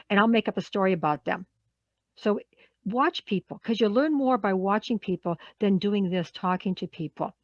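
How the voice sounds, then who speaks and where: A woman's voice: mid-range voice, dry recording, highs cut off. A woman leading a live workshop as a coach, talking conversationally and often checking in with the group.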